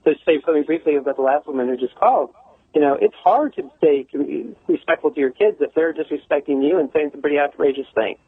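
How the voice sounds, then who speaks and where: A male expert guest talks over a narrow, phone-like line in a slightly high voice, calm and explanatory. He acts out example phrasings to show how tone changes what words mean. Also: quick pace, breathy edge, no room sound. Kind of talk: radio phone interview.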